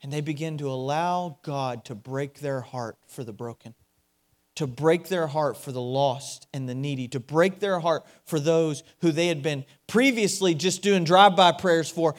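A man preaching a sermon, moving between loud, urgent emphasis and hushed, quiet passages, often repeating key phrases. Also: a little high.

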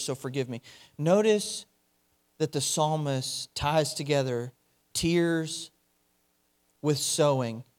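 High-voiced preacher, emphatic and repetitive. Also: male voice. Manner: dynamic, swings from loud emphasis to hushed; repeats key phrases for emphasis. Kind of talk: sermon.

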